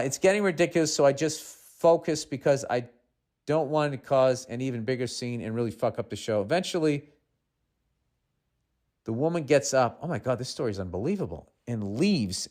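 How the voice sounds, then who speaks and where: A man's mid-range voice with a darkish tone belongs to this podcast host in his fifties, who has a Boston accent. He reads out a listener's letter, breaking off now and then for exasperated, sarcastic comments.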